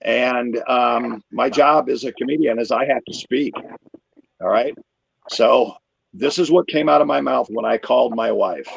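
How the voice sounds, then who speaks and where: A man's voice: mid-range voice, measured pace, vocal fry, breathy edge, dry recording, highs cut off. Rambling crude stand-up man on a call. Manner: crude, rambling, loud when acting himself out. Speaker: comedian. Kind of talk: stand-up storytelling. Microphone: video call.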